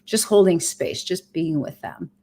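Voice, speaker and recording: A woman in her fifties speaks straight to her livestream viewers with a slightly low voice. She is earnest and blunt, and she talks from the heart without softening anything. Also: animated, measured pace, husky. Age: 50s. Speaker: vlogger sharing her cancer treatment. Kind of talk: candid livestream talk to viewers.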